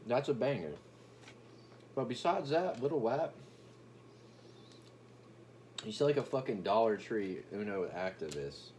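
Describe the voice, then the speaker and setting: A man's voice: fairly low pitch, normal speed, a little mellow, slight background noise. A young man ranting in a brash, profane, boastful comedic commentary, stumbling over restarts as he talks.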